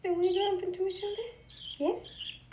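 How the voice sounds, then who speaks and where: A woman's voice: very high voice, little pitch movement, a little fast. A woman on a casual pet vlog, talking in cooing baby talk to her bird. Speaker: vlogger. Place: home with pet birds. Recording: echoey room, mic at a distance, loud noise. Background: budgie chirps.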